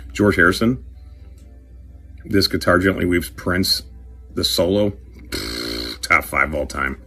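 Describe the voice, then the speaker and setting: A man's voice: deep voice, bright, forceful tone. A middle-aged man hosting his own show, telling a rambling, profane story and chatting casually while opening packs of cards. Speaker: show host, career coach.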